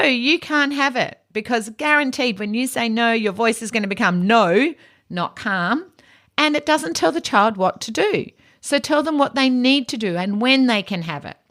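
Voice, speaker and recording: A woman with an Australian accent hosting a teaching podcast, giving practical advice in a calm, soft, low-key way. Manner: practical advice, frequent "you know". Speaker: podcast host and educator.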